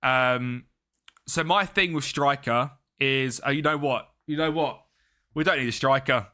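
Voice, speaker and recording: A man's voice: medium pitch, a little slow. Chatty young man streaming. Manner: chatty, greets chat by name, excitable. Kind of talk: casual live-stream chat.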